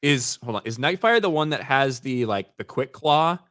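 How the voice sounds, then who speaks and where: A man hosts a casual livestream, reading out comments and riffing in a loose, profane way. His voice sits in a middle pitch. The sound is dry and close to the mic. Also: lively intonation, moderate pace, fairly bright tone, dry recording. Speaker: show host reading viewer comments.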